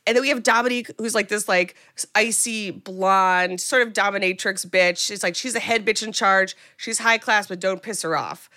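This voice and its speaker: A young woman co-hosting a podcast, retelling a film in casual, animated chat and acting out quotes. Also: medium pitch, moderate pace, dry recording, clean studio sound. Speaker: podcast co-host recapping a film.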